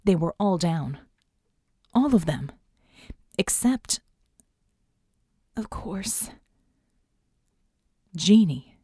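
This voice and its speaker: A woman reading an action novel aloud in an even, steady storytelling way. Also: lowish voice, drawn-out words, pauses often, husky, no echo, clean studio sound. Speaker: audiobook narrator. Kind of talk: scripted narration.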